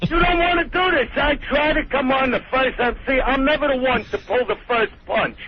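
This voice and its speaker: A man's voice: very high-pitched, a little fast, background noise. A man calling into a radio show, talking in a brash, confrontational tough-guy way over a muffled phone call. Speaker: celebrity caller.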